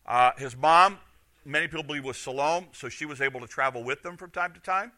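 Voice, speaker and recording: Bright-voiced animated male preacher. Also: on the high side, a little fast. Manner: animated, acts out quoted lines. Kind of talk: sermon storytelling.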